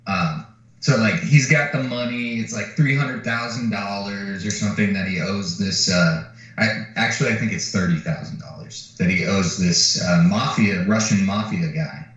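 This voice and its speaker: Animated man retelling a film, echoey room. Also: lowish voice, normal speed. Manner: animated retelling of a film plot, swearing freely, acting out quotes. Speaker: podcast co-host. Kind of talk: casual chat. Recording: far from the mic in a very echoey room, dull sound.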